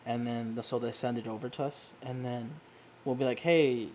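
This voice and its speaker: A young woman sits on a living-room couch as a guest, chatting casually in a bass voice at a fairly quick pace, with slight background noise. She's an animated storyteller who acts out the voices she quotes and laughs often.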